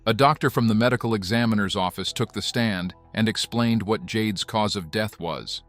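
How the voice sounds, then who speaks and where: A man giving scripted documentary narration in an even, measured way. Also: fairly low pitch, soft background music.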